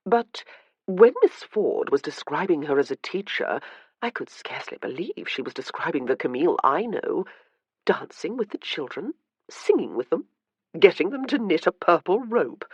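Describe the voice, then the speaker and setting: A woman's voice: sits low, sing-song, moderate pace, slightly rough, dry recording, muffled recording, full character voice. A woman voicing Elizabeth, a wry, perceptive noblewoman who teases dryly in an audiobook. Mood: teasing. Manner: dry and teasing. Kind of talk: audiobook character reading.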